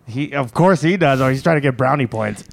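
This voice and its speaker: A young man hosting a casual beer podcast, joking and teasing his co-hosts in a loud radio-DJ manner. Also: medium pitch, fairly quick, gravelly. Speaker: podcast host. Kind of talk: casual chat.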